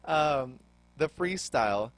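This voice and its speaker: A male radio host jokes with his guest in loose, casual banter, full of ums and uhs. His voice is mid-pitched and recorded close and dry, with no room echo. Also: expressive, slow pace. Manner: playful teasing, fillers like um and uh.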